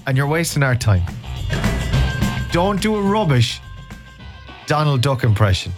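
A man's voice: on the high side, big pitch swings, unhurried, over music. A man hosting a radio show, rambling and self-mocking as he chats and bluntly teases callers. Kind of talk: casual radio chat.

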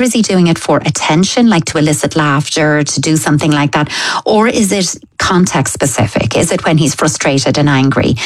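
A woman talks through parenting advice in a calm, practical way. The sound is dry and close, with no room around it. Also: sits low, no echo. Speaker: parenting expert. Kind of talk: advice on a radio phone-in show.

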